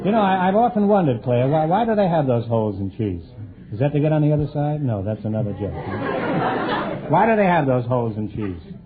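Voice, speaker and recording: A man's voice: mid-range voice, lively intonation, over a noisy crowd, heavy background noise. Wisecracking male quiz host, tinny radio. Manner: teasing, repeats questions, quick ad-libbed jokes. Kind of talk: wisecracking quiz show banter. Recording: tinny 1950 radio broadcast with loud audience.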